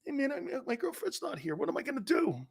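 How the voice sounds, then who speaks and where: A man's voice: very high-pitched, wildly swooping pitch, quick pace, gravelly, voice pushed up, full character voice. A man putting on the voice of a lovesick young football star who mumbles and whines that his girlfriend is away. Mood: mopey.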